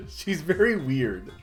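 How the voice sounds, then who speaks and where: Rambling casual male streamer. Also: sits high. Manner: rambling, full of um and like, laughs at himself. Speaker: gaming streamer. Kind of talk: casual let's-play commentary.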